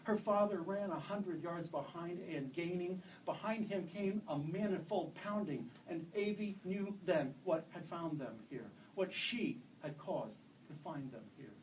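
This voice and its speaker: A male author reading his own fiction aloud at a live event, in steady, measured narration. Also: high-pitched, distant mic, slight background noise, poor audio. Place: event room.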